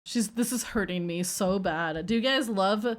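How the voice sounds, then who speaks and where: A woman streaming casually, reacting to her old clips in an animated, self-mocking way. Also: mid-range voice, normal speed. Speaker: VTuber streamer.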